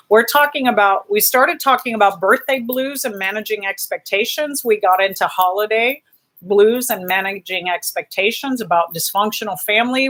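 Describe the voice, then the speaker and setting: A woman hosting a casual live stream, reading out viewer comments and gently encouraging her viewers. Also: mid-range voice.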